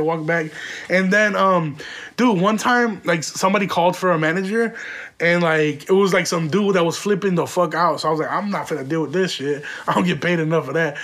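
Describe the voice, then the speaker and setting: A man's voice: high-pitched, fairly bright tone. A man telling a rambling, profane comic story from his own life in casual slang, full of "like" fillers. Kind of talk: comedic storytelling.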